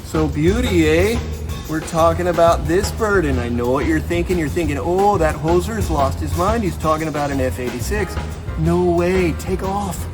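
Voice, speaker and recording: A man doing an overdone comic Canadian accent, playing a boisterous folksy Canadian guy with drawn-out "eh"s. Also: fairly high pitch, animated, over music, natural voice. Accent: overdone put-on Canadian. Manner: hammy, loud, drawn-out "eh"s.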